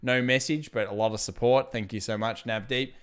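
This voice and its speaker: A man's voice: mid-range voice, steady tone, brisk, fairly bright tone, smooth. A man, hosting a live stream and chatting casually through market commentary while reading viewer messages. He laughs easily and thinks aloud, restarting his sentences as he goes. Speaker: livestream host.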